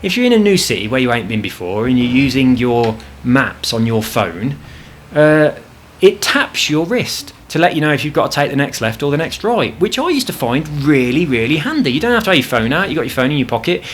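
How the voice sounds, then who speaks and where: A man's voice: mid-range voice, big pitch swings, fairly quick, slight background noise. A man chatting casually over gameplay at home, rambling and swearing freely about his frustrations. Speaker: gaming channel host. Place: home apartment.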